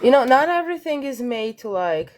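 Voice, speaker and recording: A woman with a Russian accent, a guest in a live-stream debate, arguing her point and reading articles aloud haltingly. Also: sits high, very animated.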